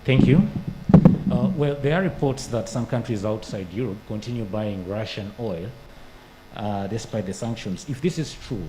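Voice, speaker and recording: Man, reporter, low mellow voice, stumbles and self-corrects, faint ambience. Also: moderate pace, background noise. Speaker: journalist. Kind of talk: press conference question.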